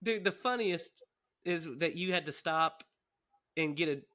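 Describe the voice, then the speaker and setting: A man co-hosting a casual podcast with a bright, slightly raised voice. He teases his co-host and keeps things easygoing while signing off the episode. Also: on the high side, measured pace. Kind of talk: casual chat.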